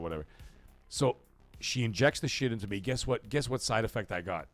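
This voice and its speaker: A man's voice: mid-range voice, fairly quick, vocal fry, no echo, faint music behind. A man hosting a casual live stream, swearing freely and telling rambling stories while reading viewer comments. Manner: profane, rambling, animated storyteller. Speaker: livestream host.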